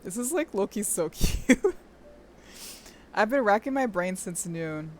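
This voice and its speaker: A young woman streaming, reading a game's story aloud and breaking off into gushing, excitable commentary with squeals and laughter. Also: medium pitch, unhurried, slight background noise.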